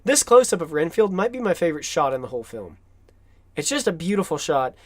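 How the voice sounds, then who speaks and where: An enthusiastic film commentator chats over movie clips, with a voice that swoops up and down in pitch. The delivery is loose and talkative, broken up by frequent laughter. The recording is close and dry, with no room sound. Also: expressive, fairly quick, no echo. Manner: enthusiastic, chatty, laughs often.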